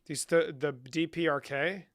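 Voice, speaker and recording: A man's voice: on the high side, steady tone, normal speed, fairly bright tone, no echo, clean studio sound. A young man chatting on a live stream, bantering with viewers in a profane, joking way and slipping between English and Spanish. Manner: profane, bantering, answers chat questions aloud. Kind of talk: casual live-stream chat.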